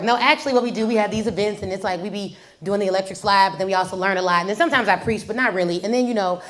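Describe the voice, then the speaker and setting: A woman hosting a podcast as a business coach, teaching in a casual, animated way with rhetorical questions, slangy asides and stories. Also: medium pitch, rapid-fire, hardly any pauses. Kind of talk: casual teaching talk with storytelling.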